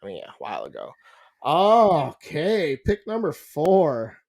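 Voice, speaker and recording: A man's voice: on the high side, wildly swooping pitch, measured pace, creaky, a little mellow. A man co-hosting a podcast, telling rambling, profane stories and laughing often as he talks. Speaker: podcast co-host. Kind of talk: casual chat.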